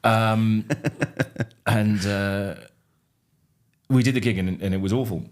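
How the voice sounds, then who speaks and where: A man's voice: fairly low pitch, takes it slowly. A middle-aged man from England, a comedian guest, telling wry, self-deprecating stories in a casual podcast chat.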